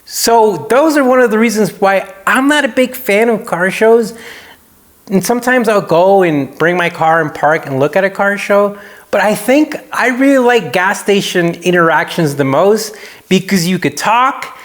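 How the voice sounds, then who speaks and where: A man with a fairly high voice speaks casually to his audience as a YouTuber. He tells his stories in a lively way and briefly mimics the people he meets. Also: normal speed. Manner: animated storytelling, acts out quoted people. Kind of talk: casual talking-head vlog.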